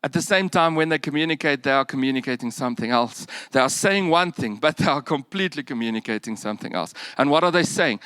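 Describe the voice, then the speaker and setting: Bright, high-voiced preacher. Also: male voice, fast, hardly any pauses, no room sound. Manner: animated, rising to emphatic bursts then dropping quiet; humorous asides. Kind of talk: sermon.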